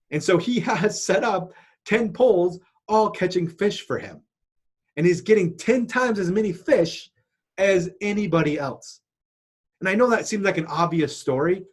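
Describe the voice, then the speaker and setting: Upbeat man teaching a marketing lesson. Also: fairly high pitch. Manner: casual, storytelling with restarts and fillers. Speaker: marketing instructor. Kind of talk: online course lesson.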